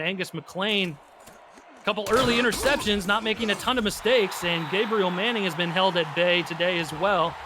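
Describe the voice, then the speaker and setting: A man with a high, bright voice calls a football game play by play. He gets excitable and jumps up on tipped passes. There is faint background hiss under him. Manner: excitable, rises sharply on big plays. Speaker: play-by-play announcer. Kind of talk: live esports football commentary.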